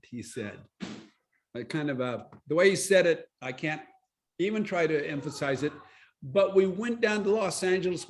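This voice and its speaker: A man with a notably high voice tells his testimony to a Bible study group. He tells it in an animated way and acts out what people said. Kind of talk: storytelling testimony.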